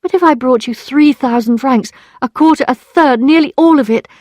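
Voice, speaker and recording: A woman voicing a desperate young wife who pleads for money in a strained, high voice, in a storybook reading. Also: normal speed, a little mellow, no echo. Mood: pleading.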